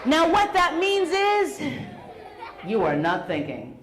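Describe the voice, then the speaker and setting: Middle-aged woman storyteller, playful, lively voice, roomy school hall echo. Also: sits high, slow pace, crowd noise, noisy background. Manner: animated, playful, asks audience questions. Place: school hall with a child audience.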